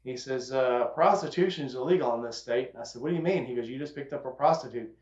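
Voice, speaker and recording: A man's voice: mid-range voice, fast talker, a little mellow. A man hosting a casual chat, telling a long story and acting out the quotes with a drawl. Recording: echoey room, dull lo-fi sound.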